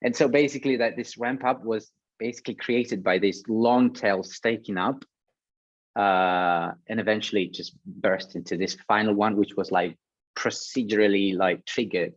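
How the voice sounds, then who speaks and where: A man's voice: fairly low pitch, normal speed, dry recording, dull audio. A man, a guest sound designer, talking casually on a panel, hesitant with many fillers and restarts.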